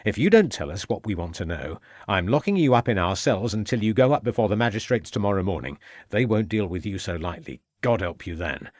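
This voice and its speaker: A man's voice: on the low side, animated, brisk, darkish tone, no echo, studio quality. A man voicing a stern police inspector who questions firmly and with threats.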